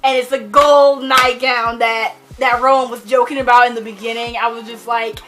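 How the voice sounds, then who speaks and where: A woman's voice: on the high side, steady tone, normal speed, over music. A young woman rambling casually about a novel she loves, gushing and saying "like" constantly. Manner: rambling, gushing, heavy use of "like". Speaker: book vlogger. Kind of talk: casual book review chat.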